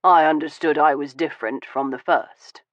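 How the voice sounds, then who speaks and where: A man voicing a wounded, weary Victorian gentleman who speaks in a low, measured and bitter way in an audiobook. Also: fairly even intonation, no echo, natural voice. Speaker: audiobook voice of a male character. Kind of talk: audiobook dialogue reading. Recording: dull, dry studio audio.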